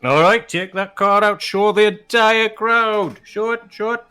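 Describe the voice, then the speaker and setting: A man voicing a small gnome who magically booms like a carnival card-trick showman, barking patter at a crowd. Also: fairly even intonation, measured pace, bright, forceful tone, clean tone, soft background music. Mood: showy, coaxing.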